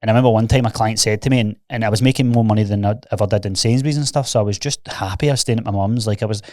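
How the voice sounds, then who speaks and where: A young Scottish man talks fast and openly, spilling his stories in a rush and tossing in "mate" every few breaths. His voice sits on the low side, and the recording is close and dry, with no room sound. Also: darkish tone, no echo. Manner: rapid, candid, peppered with "mate". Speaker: podcast guest, fitness coach. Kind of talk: casual storytelling chat.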